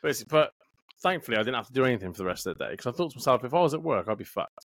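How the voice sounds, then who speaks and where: A man's voice: medium pitch, big pitch swings, very fast, creaky, a bit bright, dry recording, clean studio sound. A man in his thirties, a podcast co-host telling a rambling, sweary story in casual chat. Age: 30s.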